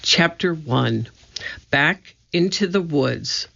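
An audiobook narrator reading a children's storybook in a slow, measured way, on a dull lo-fi recording. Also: medium pitch, lively intonation, gravelly, bright, forceful tone.

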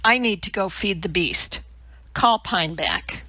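A woman reading the part of a blunt older woman neighbor with a deadpan, brusque delivery. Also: mid-range voice, takes it slowly, no room sound, dull audio.

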